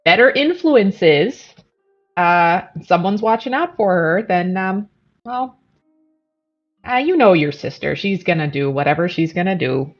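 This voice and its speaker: A weary mother adventurer, voiced by a woman in her low, slow, easy voice. She sounds resigned and wry. The recording is dull and lo-fi. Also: expressive, faint music behind. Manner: apologetic, tired, wry.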